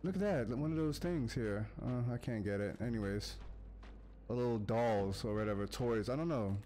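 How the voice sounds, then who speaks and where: A man from the United States giving excitable gameplay commentary, talking to the characters on screen and chanting quick urges to keep going. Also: mid-range voice, a little hiss or hum. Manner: excitable, talks to the game characters, chants urgent repeats. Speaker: gaming YouTuber.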